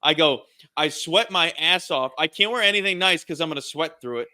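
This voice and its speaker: Brisk and fairly high-pitched, an excitable man co-hosting a podcast tells a story during a relaxed chat, laughing throughout.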